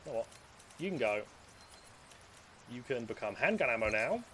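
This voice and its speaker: A man's voice: mid-range voice, big pitch swings, normal speed, a bit bright, slight background noise. Rambling, joking male game streamer. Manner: rambling, joking, swears freely. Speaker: streamer playing a video game. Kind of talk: casual live gameplay commentary.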